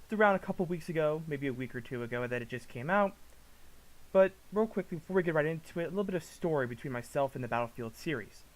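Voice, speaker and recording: A man with a somewhat high voice gives casual reaction commentary. He rants in an exasperated, profane way. He swings between low mutters and loud outbursts. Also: animated, fast talker, low-quality recording. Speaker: commentary vlogger.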